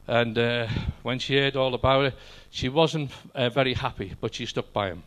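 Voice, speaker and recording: A man's voice: medium pitch, steady tone, normal speed, a bit bright. An older man telling doctor jokes and one-liners to a live audience in a chatty stand-up style, talking straight to the crowd. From Wales. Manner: chatty, addresses the audience directly. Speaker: amateur stand-up comedian. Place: library hall with live audience.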